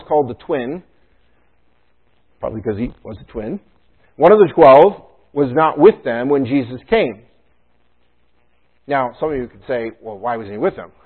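A man preaching a conversational sermon as pastor, chatty and joking in his asides. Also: mid-range voice. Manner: casual, chatty asides and jokes. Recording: tinny phone-like sound.

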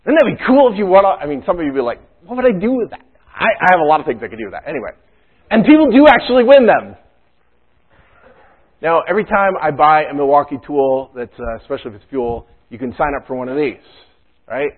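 A man's voice: on the high side, very animated, quick pace. Tinny-sounding casual male pastor. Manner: casual, chatty asides and jokes. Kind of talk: conversational sermon.

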